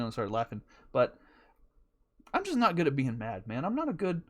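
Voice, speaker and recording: A man's voice: medium pitch, very animated, normal speed. A young man hosting a podcast, telling a rambling, profane, self-mocking story in casual chat and laughing often. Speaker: podcast host.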